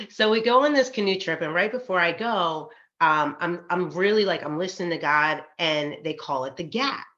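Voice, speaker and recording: Bright, animated woman podcaster, lo-fi sound. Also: fairly low pitch, normal speed. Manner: animated, acts out quoted voices, laughs often; faith-centered, frequent fillers like um and like. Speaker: podcast co-host. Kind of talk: casual conversational storytelling. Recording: slightly dull, lo-fi podcast recording.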